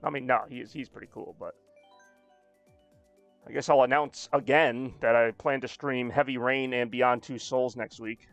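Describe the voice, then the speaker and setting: A man's voice: mid-range voice, fairly even intonation, normal speed, dry recording, soft background music. A man streaming a racing game, chatting casually with a rambling, self-deprecating, joking manner. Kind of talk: casual live-stream chat while playing.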